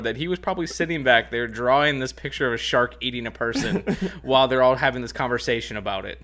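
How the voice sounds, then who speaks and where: A man's voice: mid-range voice, quick pace, hardly any pauses, fairly bright tone. A man co-hosting a podcast in casual chat, rambling and full of "like". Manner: rambling, lots of filler like. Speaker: podcast co-host.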